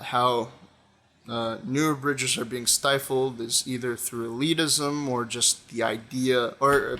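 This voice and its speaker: A young man giving an unscripted commentary monologue, pausing often with fillers and restarting his sentences. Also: medium pitch, sharp tone. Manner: hesitant, many fillers and restarts. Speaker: video essayist.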